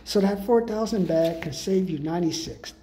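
Here a man with a warm tone speaks at ordinary speed, slight noise behind him. His comedic rant casts him as a self-styled sales guru who curses and wanders in streetwise slang while aggressively pitching costly programs.

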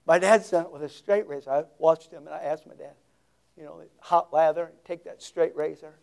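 A man's voice: a little high, moderate pace, vocal fry, a little mellow. A male pastor preaching a sermon, telling Bible stories dramatically with folksy, conversational asides. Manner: dramatic storytelling, acting out scenes.

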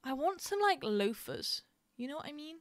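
A young woman from England chats casually while streaming a game, giggling often and filling her stories with "like" and "um." Her voice sits a touch high, and the recording is dry and close with no room sound. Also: very animated, normal speed, dry recording. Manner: chatty, giggly, storytelling with many fillers. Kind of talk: casual chat while gaming.

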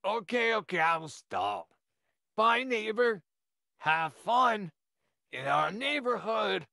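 A man's voice: high voice, sing-song, slow, gravelly, sharp tone, dry recording, studio quality, exaggerated voice. A man voicing an overexcited, friendly young neighbor who gushes and stammers, in a listener role-play. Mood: excited. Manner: eager, gushing, stammering.

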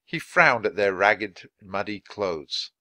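Reading a children's storybook aloud for English learners, a man speaks clearly and expressively. His voice is low yet bright and gravelly, with a lively lilt, and the slow, dry recording was captured close up in a dry room.

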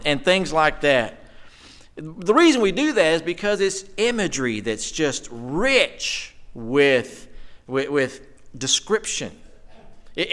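Male preacher, church sermon, lively swooping pitch, smooth clear voice, chatty, asks the room questions. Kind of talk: conversational sermon. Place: church sanctuary.

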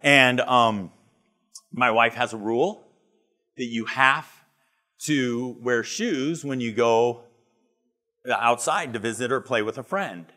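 A man's voice: medium pitch, slow, long pauses, bright, forceful tone. A middle-aged man giving a motivational keynote talk, telling humorous stories and acting out dialogue. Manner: humorous storytelling, acts out dialogue. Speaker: conference speaker. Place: live conference retreat.

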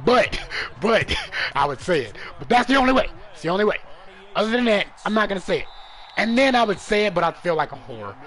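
A young man streaming a football video game live, trash-talking and commentating, dropping to mutters and jumping up to yells. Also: high voice, very animated, brisk. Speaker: gaming streamer.

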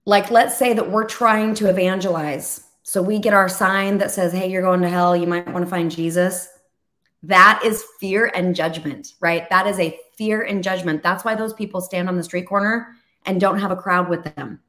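A woman in her thirties or forties who preaches over a video call. Her delivery is animated and full of stories, and she acts out the voices of the people she quotes. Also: medium pitch, normal speed, few pauses. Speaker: ministry leader and co-host.

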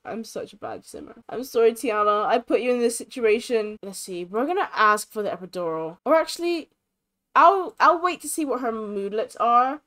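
A young woman giving casual, chatty commentary on a life-simulation game, expressive and sympathetic. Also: a little high, normal speed. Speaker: gaming creator.

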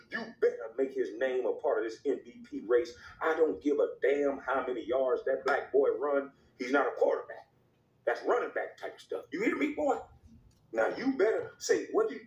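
A man's voice: medium pitch, lively intonation, moderate pace, a little mellow, echoey room, muffled recording, lightly acted. A man playing a scolding, bossy network boss. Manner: scolding, barking orders, profane. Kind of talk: comedic skit.

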